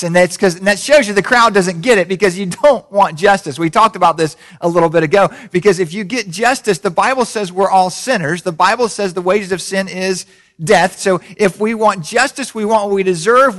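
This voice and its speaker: A man preaching a sermon, animated, building from conversational explanation up to shouted peaks. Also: high-pitched. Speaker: pastor.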